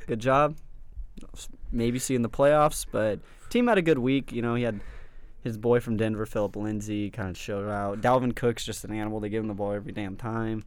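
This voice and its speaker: A man's voice: on the low side, fairly even intonation, brisk, clean tone. Upbeat young male sports podcast host. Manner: upbeat, joking, hypes the team. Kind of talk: casual sports chat.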